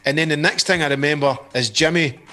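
A man, a band's singer, telling a story in casual chat, animated and full of swearing. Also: on the high side, fast talker. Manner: animated, swears a lot, acts out quotes. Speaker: band singer.

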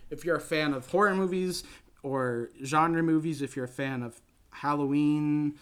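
A man with a fairly high voice hosts a casual movie chat. He rambles with enthusiasm, piles up fillers and restarts, and keeps circling back to his point. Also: normal speed, clear, resonant tone. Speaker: podcast host.

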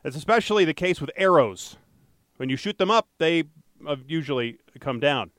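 A man's voice: a little high, animated, moderate pace, fairly bright tone, no room sound, clean studio sound. A man co-hosting a casual podcast, rambling through news stories with jokes and frequent self-corrections. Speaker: podcast co-host and traffic anchor.

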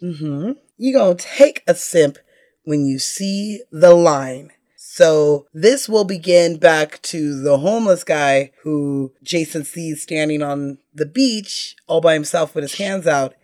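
A woman's voice: sits low, slow, mellow. A woman co-hosting a podcast in casual, rambling, profane chat, laying out drinking game rules. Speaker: podcast co-host.

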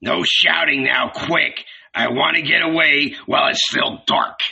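A man's voice: fairly low pitch, slow pace, vocal fry, sharp tone, breathy edge, dull audio, heavily acted. A man voicing a fierce, angry red-bearded blacksmith who growls his words in a menacing way. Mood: urgent.

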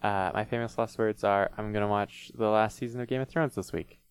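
A man's voice: on the low side, steady tone, fairly quick, smooth, no echo. A man co-hosting a podcast in casual chat, musing aloud with lots of fillers. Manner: musing, uses many fillers. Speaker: podcast co-host.

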